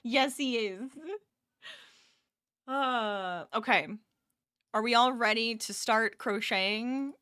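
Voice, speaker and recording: A woman's voice: on the high side, slow pace, long pauses, pushed and bright, smooth, no echo, studio quality. A tired woman chatting casually with her viewers during a live crochet stream from her home office, laughing often and reading chat aloud.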